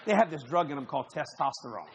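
A male pastor telling a humorous story in a sermon, animated and laughing often as he acts out voices. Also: fairly high pitch, fast talker. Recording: noisy live recording.

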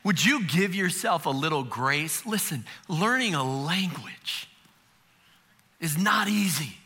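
A man's voice: fairly high pitch, lively intonation, slow pace, pushed and bright, husky. A middle-aged man preaching a sermon as pastor, conversational and humorous, with frequent rhetorical questions.

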